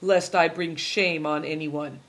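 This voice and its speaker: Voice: medium pitch, steady tone, unhurried, fairly bright tone. A reader voicing a sly, complaining male servant who drawls plaintively in an audiobook. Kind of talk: audiobook character reading.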